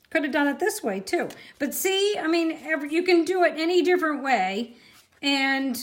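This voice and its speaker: A woman's voice: a little high, a bit bright. Chatty woman hosting a craft class. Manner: chatty, reacts to viewer comments. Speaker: card-making class host. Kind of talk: live-streamed craft class.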